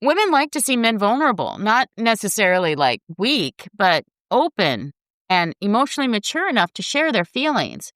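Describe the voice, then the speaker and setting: A woman's voice: medium pitch, big pitch swings, normal speed, fairly bright tone, no echo, clean studio sound. A woman host giving casual dating advice in a frank, chatty way, talking straight to her listeners.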